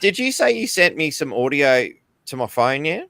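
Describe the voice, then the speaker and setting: A man's voice: on the high side, very animated, moderate pace, fairly bright tone, dry recording. Guy hosting an online chat show, easygoing, asks follow-ups. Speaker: show host. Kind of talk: casual interview chat.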